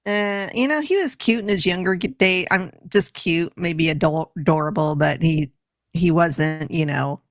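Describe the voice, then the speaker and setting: A woman's voice: on the low side, moderate pace, no room sound, clean studio sound. A woman co-hosting a fan review podcast in casual chat, talking emphatically and laughing easily. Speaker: podcast co-host.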